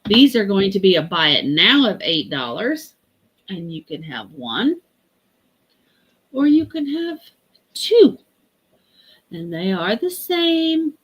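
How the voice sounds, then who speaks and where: A woman hosting a live vintage sale stream, chatty and unhurried as she reads out item sizes and prices. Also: fairly low pitch, very animated, fairly bright tone, slightly rough. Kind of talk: live-stream sales pitch.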